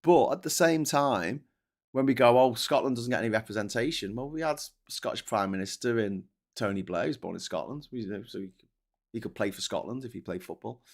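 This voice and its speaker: A man's voice: mid-range voice, brisk, gravelly. A man from Liverpool hosting a casual livestream chat, rambling and swearing often with frequent restarts. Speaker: host.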